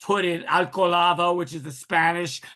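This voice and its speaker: A man's voice: high-pitched, moderate pace. A man, a guest in an interview, telling personal stories in a casual way and acting out the voices of the people he quotes. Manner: animated storyteller, acts out quoted voices. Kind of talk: casual storytelling.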